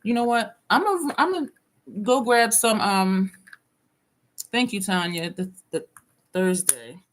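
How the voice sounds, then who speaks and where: A woman's voice: medium pitch, animated, a little slow. A woman vlogger chatting casually on a live stream from her home desk, talking to viewers by name and reading their comments aloud.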